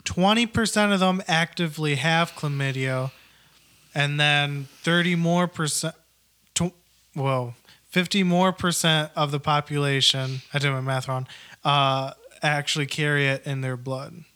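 A young man rambling through facts in casual podcast banter, full of restarts. His voice sits a little high with a bright tone. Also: steady tone, measured pace, smooth. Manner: rambling, hesitant explainer.

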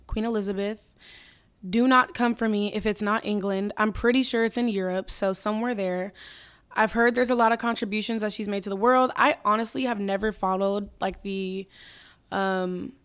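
A young woman hosting her own podcast, chatting casually and candidly with slang, her voice hoarse and going in and out. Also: mid-range voice, a bit bright. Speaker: podcast host. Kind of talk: casual solo podcast chat.

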